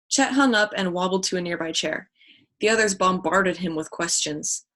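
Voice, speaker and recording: A woman's voice: fairly low pitch, normal speed, fairly bright tone. A woman reads a children's mystery novel aloud. She now and then stumbles and restarts a phrase. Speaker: audiobook reader.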